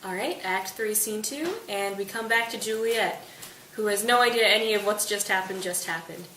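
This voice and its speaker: A woman's voice: mid-range voice, a bit bright, far from the mic. A young woman casually summarizing a play for a study video, in a breezy, slangy way. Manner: breezy, slangy retelling with quick quoted asides. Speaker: student presenter. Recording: echoey room, off-mic, faint hiss.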